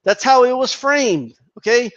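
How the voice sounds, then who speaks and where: A man's voice: very high voice, expressive, unhurried, a bit bright, lo-fi sound. A man giving heated, profane boxing commentary, restarting his sentences often as he rants. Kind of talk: ranting commentary vlog.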